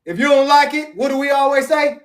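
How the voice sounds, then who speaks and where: A man's voice: very high voice, steady tone, a little fast. A man teaching scripture from home, preaching emphatically and reading verses aloud. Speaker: religious teacher. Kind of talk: scripture teaching on a live stream.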